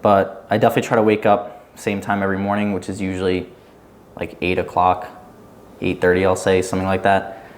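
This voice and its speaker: A man's voice: low-pitched, monotone, brisk. A young man chatting casually on a podcast, rambling loosely with lots of "like" fillers. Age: young adult. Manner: rambling, loose, heavy use of "like". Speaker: guest.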